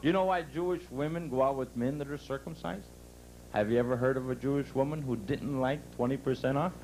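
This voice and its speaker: A man doing a brash, punchy stand-up comedy set at a resort club, telling jokes and bursting into loud outbursts. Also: medium pitch, fairly quick, a little hiss or hum, low-quality recording. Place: resort club stage before a live audience.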